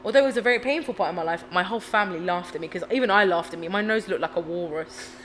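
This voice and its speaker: A young woman, an actor talking bluntly and telling lively stories as a podcast guest. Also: fairly low pitch, rapid-fire. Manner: blunt, lively storytelling with acted-out quotes. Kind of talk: casual podcast chat. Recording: reverberant room with faint noise.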